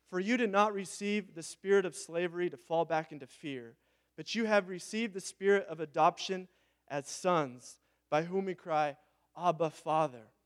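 High-voiced young man preaching. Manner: storytelling, rising to fervent preaching. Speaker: pastor. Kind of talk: sermon.

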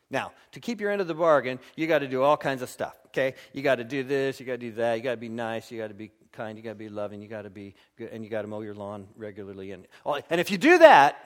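A man delivers a sermon in a church, reading from scripture and explaining it plainly. He keeps it animated, jumping into playful voices to act out everyday scenes. His pitch sits in a normal middle range for a man. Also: brisk. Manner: animated, acts out little scenes in funny voices. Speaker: pastor.

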